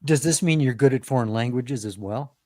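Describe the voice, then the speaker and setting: A man's voice: medium pitch, brisk, a little mellow, dry recording, clean studio sound. A man hosting an interview over a video call, asking questions in a friendly, conversational way. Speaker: interview host.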